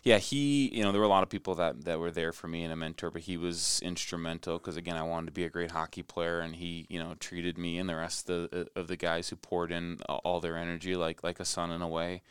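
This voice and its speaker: A young man from Minnesota, a former athlete, talking as a guest in a relaxed interview with many restarts. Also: deep voice, brisk, few pauses, clean tone, dry recording, clean studio sound. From Minnesota, USA. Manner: animated storyteller, many restarts and fillers. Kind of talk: conversational interview.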